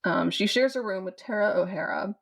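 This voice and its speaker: A woman's voice: medium pitch, a little fast, creaky. A woman from the States, co-hosting a podcast in casual chat, rambling with fillers. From southern United States. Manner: rambling, with many fillers and restarts. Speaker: podcast co-host. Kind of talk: casual chat about a film.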